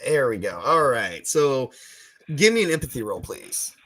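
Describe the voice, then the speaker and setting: A man acting as game master of a tabletop horror game, talking loosely with many fillers and pauses. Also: mid-range voice, sing-song, a bit bright. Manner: loose, filler-heavy, halting.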